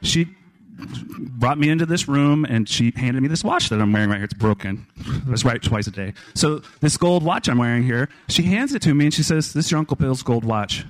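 A middle-aged man from Kansas spins family stories for a live audience. He talks in a wry, joking manner at a medium pitch, with a teasing edge. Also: lively intonation, moderate pace. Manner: wry, joking, acts out voices in quotes. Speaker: storyteller. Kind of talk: live storytelling on stage.

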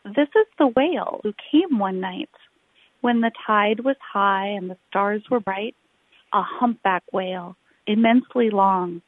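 A woman reading a children's picture book aloud, rhythmic and expressive, drawing out her phrases. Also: medium pitch, no echo. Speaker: storyteller. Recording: tinny phone-like recording.

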